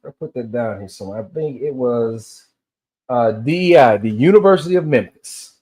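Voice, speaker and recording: A man's voice: medium pitch, animated, normal speed, a little mellow. A man in his fifties from Tennessee, rambling through a solo rant and telling loose stories that drift between tangents. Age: 50s. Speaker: vlogger.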